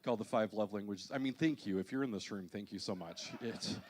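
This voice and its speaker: A pastor in his thirties with a voice on the low side speaks briskly to his congregation in a church auditorium. His sermon leans on humorous stories that poke fun at himself, with a little hiss or hum in the audio.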